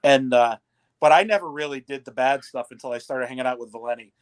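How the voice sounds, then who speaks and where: A man chats as a guest on a casual podcast. His voice sits in a middle pitch. He tells stories easily and laughs often along the way. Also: fast talker. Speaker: guest artist. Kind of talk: casual chat.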